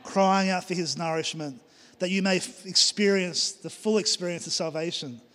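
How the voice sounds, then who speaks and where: A man's voice: high voice, moderate pace, a bit bright. A middle-aged man preaching a sermon with emphatic, repeated phrases in a church. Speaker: pastor. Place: church hall. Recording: long hall reverb.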